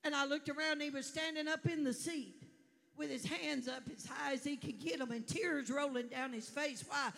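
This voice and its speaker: A woman preacher delivering a fervent sermon to a congregation, building up to shouts. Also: sits high, fairly even intonation, normal speed, vocal fry.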